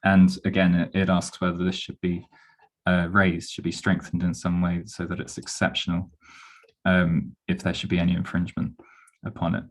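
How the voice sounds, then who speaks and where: Very deep-voiced man presenting. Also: completely flat delivery, normal speed. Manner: analytical, explains step by step. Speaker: webinar speaker. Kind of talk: online webinar presentation.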